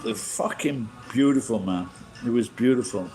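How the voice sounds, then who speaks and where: A middle-aged man rambles through a casual livestream, his mid-pitched voice warm and relaxed. He swears constantly and airs blunt opinions, with faint music playing behind him. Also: moderate pace, poor audio. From England. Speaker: livestream host.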